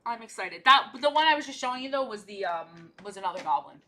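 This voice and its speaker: A woman's voice: a little high, animated, fast, pushed and bright. A young woman streamer in casual live-stream chat while painting miniatures, chatty and playful, often repeating herself.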